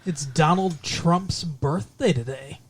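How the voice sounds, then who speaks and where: A man's voice: on the high side, takes it slowly, slight background noise. A man hosting a podcast in casual chat, joking and teasing his co-host.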